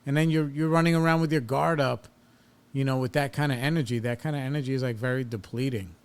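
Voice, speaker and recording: A man's voice: mid-range voice, fairly even intonation, fast, clear, resonant tone. A man in his thirties hosting a podcast, telling a personal story in a blunt, profane, casual way and reliving an argument with rising heat. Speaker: podcast host.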